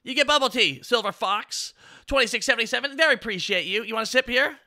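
Super high pitched streamer guy, bouncy voice going all over, hyped and gushing at chat. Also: quick pace. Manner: excitable, gushing thanks to viewers. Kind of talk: casual live-stream chat.

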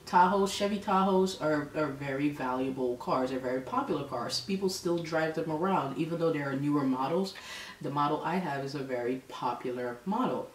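A woman's voice: low-pitched, moderate pace. Exasperated woman vlogging in an echoey room. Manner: animated, exasperated storytelling. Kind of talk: casual storytelling vlog. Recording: echoey room, mic at a distance, faint background noise.

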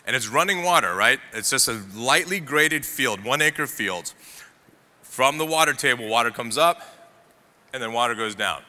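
A man's voice: mid-range voice, lively intonation, moderate pace, bright, forceful tone. A chef talking a crowd through a live cooking demonstration, chatty and joking as he goes. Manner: joking, chatty, audience-engaging. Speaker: celebrity chef. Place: trade show demo stage. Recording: echoey hall with faint ambience.

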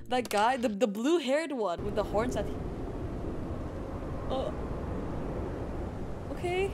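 Playful woman streamer, lively voice. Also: a little high, background noise. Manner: playful, chatty, teasing. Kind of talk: casual game-stream chat.

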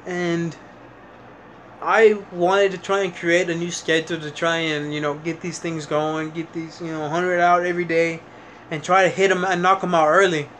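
A man's voice: on the high side, level tone, moderate pace, a bit bright, slight background noise. Rambling, frustrated young man vlogging. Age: young adult. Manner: rambling, frustrated, with many fillers and restarts. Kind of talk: casual vlog monologue.

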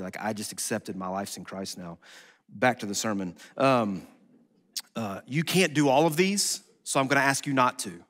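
A man pastor preaching a sermon in a conversational, animated way, acting out quotes as he goes. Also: lowish voice, moderate pace. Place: church sanctuary. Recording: long hall reverb.

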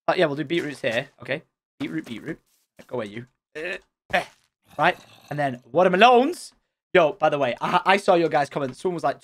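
Excitable young man with a bouncy pitch. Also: fairly quick. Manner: excitable, chatty, thinking aloud while playing. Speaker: gaming channel host. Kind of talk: excited Let's Play commentary.

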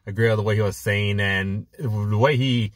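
Man, low voice, excited rambling chat, dry close sound. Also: moderate pace, dry recording. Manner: excited, rambling, lots of filler words. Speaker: co-host of a fan podcast. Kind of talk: casual chat.

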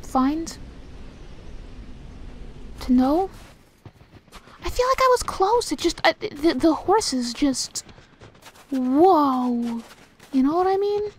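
A woman's voice: sits high, animated, slow pace, pauses often, a little hiss or hum. A young woman doing casual, rambling gameplay commentary, talking to herself and getting exasperated as she plays. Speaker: let's play host.

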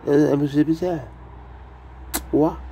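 A man's voice: fairly high pitch, steady tone, slow, warm tone, lo-fi sound, a little hiss or hum, pitched above the performer's own voice. A man putting on a fussy French waiter's voice in a mock French accent, rattling off bits of French. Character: pompous male French waiter at a fancy restaurant.

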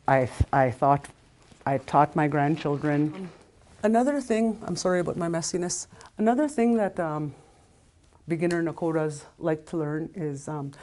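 Older woman, low voice, informal language teacher, halting delivery with many restarts, repeats syllables slowly. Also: a little mellow. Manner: halting, loses her place and restarts often.

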